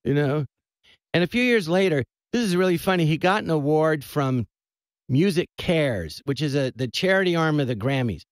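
A man who is a comedian guest, telling an animated anecdote and laughing as he goes, at a radio studio microphone. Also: fairly high pitch, moderate pace, no echo. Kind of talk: storytelling anecdote.

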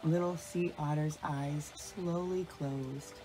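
Gentle woman reading a bedtime story. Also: low voice, fairly even intonation, takes it slowly, rough recording. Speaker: storybook reader. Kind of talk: bedtime story read-aloud.

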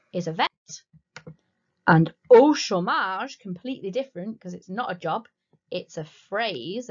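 A woman teaching a recorded school French lesson, explaining patiently and slowing down to say the French words clearly. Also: fairly high pitch. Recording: slightly dull lo-fi recording.

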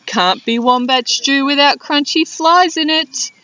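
A woman's voice: high-pitched, bright, forceful tone, distant mic, voice pushed up. A woman doing an old hissing lizard. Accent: Australian. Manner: hissing, drawn-out s sounds. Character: old hissing blue-tongue lizard, male. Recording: dull lo-fi with wind noise.

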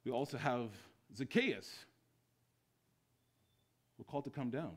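A man preaching a sermon as pastor in a church, swinging between loud bursts and hushed lines. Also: mid-range voice, a little slow.

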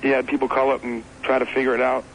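A man's voice: mid-range voice, level tone, fast talker, creaky, fairly bright tone, poor audio. A man calls in to a radio talk show with a mid-range voice. He reads off his choices in a plain, matter-of-fact way. A faint hiss sits under the call. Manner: matter-of-fact, listing picks. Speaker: caller. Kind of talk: phone-in chat.

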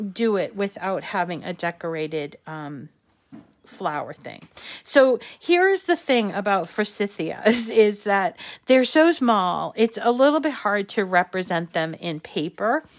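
A middle-aged woman with a slight lisp, hosting a casual craft tutorial in a chatty, self-deprecating way that thinks out loud. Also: mid-range voice. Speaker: crafting channel host.

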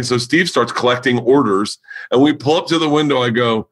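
A man's voice: mid-range voice, brisk. Rowdy storytelling podcast host, a man. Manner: rowdy, swearing, acts out quotes in raised voices. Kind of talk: casual storytelling chat.

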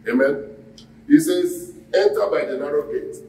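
A man's voice: fairly high pitch, animated, normal speed, a little mellow. Man preaching call-and-response in an echoey hall. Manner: call-and-response preaching, asks the congregation questions. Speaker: pastor. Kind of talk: sermon. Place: church hall. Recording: echoey hall, mic at a distance.

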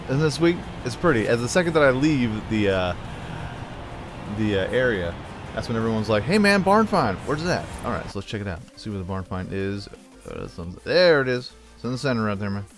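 A man hosting a let's play video, giving excitable, jokey commentary while he plays. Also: on the low side, a little fast, music in the background. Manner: excitable, jokey, loud sign-off. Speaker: gaming channel host.

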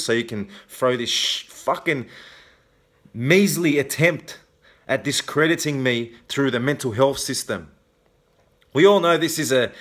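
An Australian man vents to camera in a video blog, furious and full of swearing. His voice sits at an ordinary mid pitch. He punctuates his threats with a sharp "okay?". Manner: heavy swearing, repeated "okay?" tags. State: angry. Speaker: vlogger. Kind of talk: angry confrontational rant to camera.

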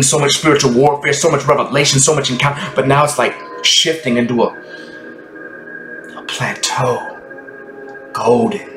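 A man speaks in a rambling, rapturous stream about spirit and faith, at times sinking to a whisper. His mid-pitched voice rings in a roomy space. Music plays clearly underneath. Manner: rambling, ecstatic, drifting into hushed whispers. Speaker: Christian content creator. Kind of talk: spontaneous spiritual monologue. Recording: echoey room with music behind.

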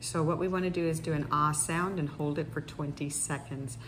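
A middle-aged woman speech therapist calmly leading guided voice exercises, pausing with frequent fillers. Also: sits low, noisy background. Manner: calm instructional, with many fillers. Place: indoors in Costa Rica, wind outside.

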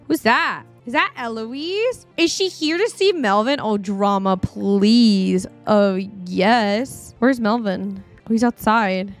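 A woman's voice: fairly high pitch, lively intonation, a little slow, faint music behind. A woman streamer chatting playfully through a life-simulation game, humming and giggling to herself on a desktop mic. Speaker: gaming streamer. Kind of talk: casual gameplay commentary. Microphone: desktop dynamic mic.

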